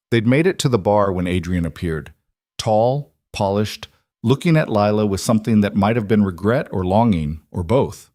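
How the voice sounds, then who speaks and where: A man reading a scripted story in an even, measured way. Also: fairly low pitch, no echo, studio quality. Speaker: narrator.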